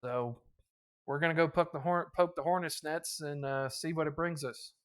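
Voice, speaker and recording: A man voicing a gruff male marine officer who delivers a brisk military briefing. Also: fairly high pitch, fairly bright tone, lightly acted.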